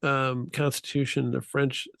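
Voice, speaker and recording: A man's voice: mid-range voice, little pitch movement, unhurried, gravelly, a bit bright, no room sound, clean studio sound. An American man co-hosting a casual podcast discussion, joking and restarting his sentences often. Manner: joking, stammering restarts, laughs at own jokes. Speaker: podcast co-host.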